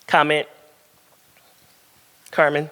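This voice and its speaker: A woman's voice: low-pitched, monotone, very slow, fairly bright tone, clean tone, long reverb tail. A woman author answering audience questions at her book launch. She talks frankly and chattily, often laughing, and fills her stories with ums and likes. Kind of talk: candid Q&A at a live book event. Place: event room at a book launch.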